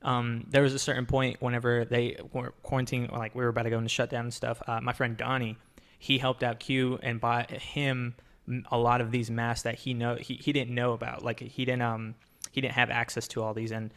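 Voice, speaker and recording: A man's voice: medium pitch, little pitch movement, a little fast, a bit bright. A man hosting a podcast in casual chat, rambling with many fillers and restarts. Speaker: podcast host.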